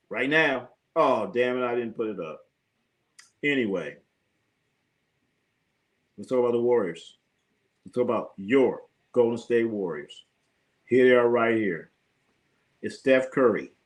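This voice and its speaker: A man hosting a live sports stream at a middle pitch. He talks loosely and profanely, circles back on his own phrases and chats with his viewers as he goes. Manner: loose, profane, rambling, repeats himself, laughs often. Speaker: sports talk livestream host. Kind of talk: casual live-stream chat reading viewer comments.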